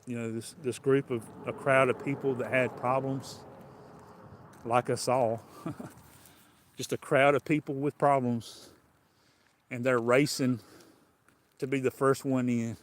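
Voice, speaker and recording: A man with a Southern US accent delivers a livestreamed sermon. His talk is folksy and plainspoken, full of casual grammar, with phrases he circles back to and repeats. His voice sits at an everyday middle pitch. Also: flat delivery, a little slow, long pauses, a little hiss or hum. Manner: folksy, colloquial, repeats and restarts. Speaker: preacher.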